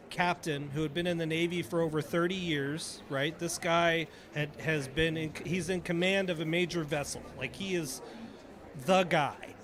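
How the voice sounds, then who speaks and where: A middle-aged man with a fairly high voice tells a long story in a relaxed chat. He acts out the other people's lines as he goes, with a busy crowd murmuring behind him. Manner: animated storyteller acting out dialogue. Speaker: podcast co-host, retired Navy chief.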